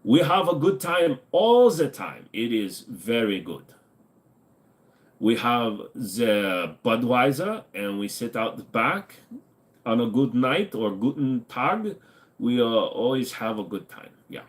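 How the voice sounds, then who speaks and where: A man's voice: medium pitch, sing-song, takes it slowly. Man playing a smug German man, mock German accent, pompous, formal, clipped.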